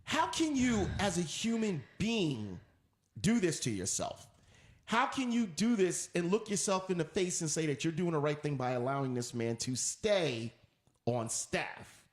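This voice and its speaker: A man's voice: a little high, sing-song, a little slow, roomy sound. A man hosting a talk radio show, ranting in an emphatic, preachy way and repeating his points. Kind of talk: opinionated talk radio rant.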